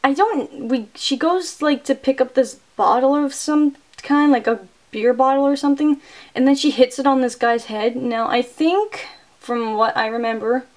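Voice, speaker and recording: A woman's voice: high voice, moderate pace. A woman reviewing a movie, casually recapping the plot with lots of "like" and "um". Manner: chatty, full of "like" and "um".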